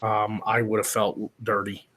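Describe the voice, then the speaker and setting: A man's voice: fairly low pitch, monotone, normal speed, fairly bright tone. Joking casual livestream host, man. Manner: jokey, laughs often, loose and rambling.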